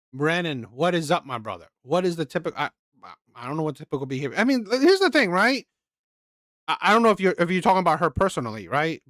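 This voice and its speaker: A man's voice: fairly high pitch, a bit bright, no room sound, studio quality. A man hosting a reaction channel, talking casually in a rambling way, repeating words and asking "right?" often.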